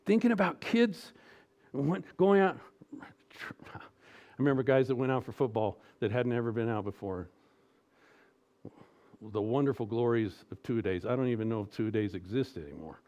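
A middle-aged male pastor delivering a sermon, moving between hushed, almost whispered reassurance and loud, emphatic exhortation. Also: mid-range voice, moderate pace, lo-fi sound.

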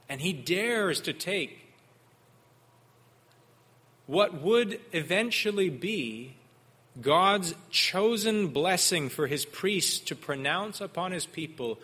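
A man preaching an expository sermon, earnest and measured. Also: high-pitched, animated, pushed and bright, husky. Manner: earnest expository preaching, mimics sarcastic voices in quotes.

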